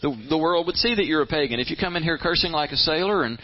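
A man delivers a conversational sermon in a fairly high voice, plain-spoken and full of restarts. He slips into the voices of the people he describes. The recording sounds dull and lo-fi. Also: expressive, fast talker. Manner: plain-spoken, repeats words, acts out inner voices. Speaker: pastor. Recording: slightly muffled, lo-fi.

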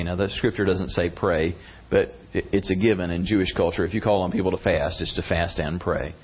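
A man preaching a sermon, retelling a story in an animated, conversational way. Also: low-pitched, a little fast, breathy edge. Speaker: pastor. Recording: dull lo-fi recording.

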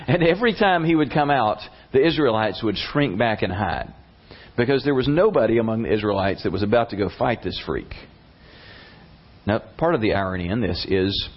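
A man's voice: fairly low pitch, breathy edge. Man telling a Bible story casually. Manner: casual, conversational storytelling with slang. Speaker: preacher, Bible teacher. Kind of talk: sermon retelling a Bible story. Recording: slightly muffled lo-fi recording.

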